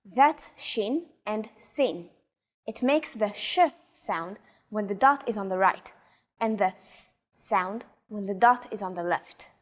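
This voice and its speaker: A woman co-host slowly modeling pronunciation for learners, careful and deliberate. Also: medium pitch. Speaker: native-speaker co-host.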